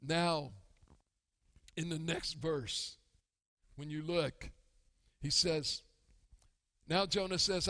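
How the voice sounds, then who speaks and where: A man preaching a sermon as pastor, acting out grumbling churchgoers in an animated way. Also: a little high, very slow, pauses often. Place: church sanctuary. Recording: long church hall reverb.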